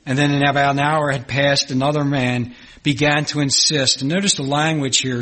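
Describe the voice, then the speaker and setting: A man's voice: medium pitch, flat delivery, normal speed, fairly bright tone, rough recording. A man from Philadelphia with a Philadelphia accent, preaching a sermon in an earnest way and repeating phrases for emphasis. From Philadelphia, United States.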